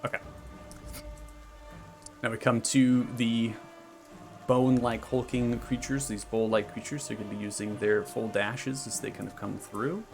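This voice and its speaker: Guy running a tabletop game, bit of vocal fry, faint music behind. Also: mid-range voice, steady tone, a little slow, long pauses. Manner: describes monster moves step by step. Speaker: game master.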